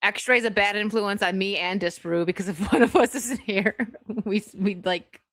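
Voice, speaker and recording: A woman's voice: mid-range voice, normal speed, a bit bright, no room sound. A woman co-hosting a livestream, chatting casually and laughing often as she rambles. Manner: giggly, rambling. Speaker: livestream co-host. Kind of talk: casual chat.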